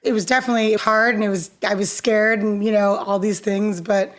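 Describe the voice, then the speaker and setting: A woman guest on an interview show, telling stories in a lively, animated way, laughing often and acting out quoted voices. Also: medium pitch, fairly quick. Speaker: musician guest. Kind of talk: casual interview storytelling.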